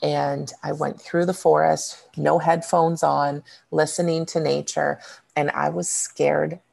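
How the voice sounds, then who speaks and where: A woman's voice: low-pitched, little pitch movement, slow, vocal fry, a little mellow. A woman co-hosting a podcast, telling personal stories in a rambling casual way with many fillers. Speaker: podcast co-host and coach. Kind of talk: casual chat.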